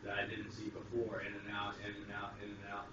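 A man's voice: on the low side, completely flat delivery, brisk. A man co-hosting a casual spiritual talk show, backing up his partner's story and adding his own view of it. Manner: agreeable, chimes in with short affirmations. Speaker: co-host. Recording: distant, roomy, dull lo-fi sound with noise.

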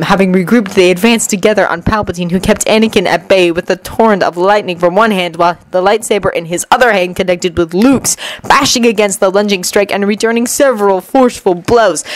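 A woman narrating a fanfiction audiobook in an expressive reading voice that swings with the action. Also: medium pitch, rough recording. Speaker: fanfiction reader.

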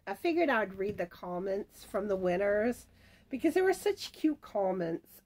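A woman's voice: mid-range voice, sing-song, measured pace, darkish tone. A woman hosting a crafting channel, chatting casually as she reads out giveaway winners and their comments. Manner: chatty, reads comments aloud, stumbles over names. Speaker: crochet channel host announcing giveaway winners. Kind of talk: casual chat.

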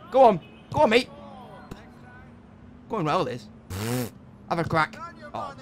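A young man talks through his football game in a lively, bouncy voice that swings up and down in pitch. He cheers his players on, swears when things go wrong and sits a little higher than most men. A faint hiss runs underneath. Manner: excitable, shouts encouragement and swears at players. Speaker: gaming channel host. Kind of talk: casual gameplay commentary.

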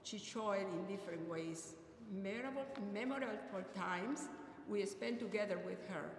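A middle-aged woman gives a heartfelt eulogy in an earnest, measured way. Her mid-range voice rings out through an echoey hall with a long reverb tail, and faint ambient noise sits underneath. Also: mid-range voice. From Peru. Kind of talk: memorial eulogy.

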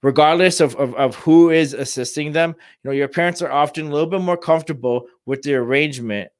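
A man who works in home care, giving informal advice to families and talking in halting bursts full of restarts and fillers. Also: fairly high pitch, no room sound, studio quality. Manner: halting, many restarts and "you know" fillers.

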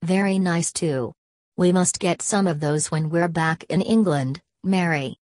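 A woman's voice: fairly low pitch, measured pace, darkish tone, no room sound, clean studio sound, natural voice. A woman voicing a fussy middle-aged father in an audiobook reading, speaking heartily. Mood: hearty.

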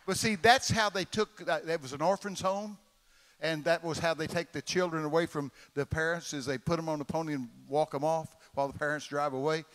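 A man's voice: a little high, fairly even intonation, fairly quick, a bit bright. A man in his eighties with a Texan accent, preaching a folksy, dramatic storytelling sermon. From Texas, USA. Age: 80s. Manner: folksy, dramatic, acts out voices. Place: large church conference hall. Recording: long reverb of a large hall.

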